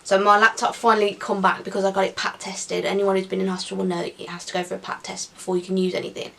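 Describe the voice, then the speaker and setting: A woman's voice: mid-range voice, flat delivery, fast, creaky, a bit bright. A young woman chatting casually to camera in an upbeat Q&A vlog, with giggly asides. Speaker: vlogger.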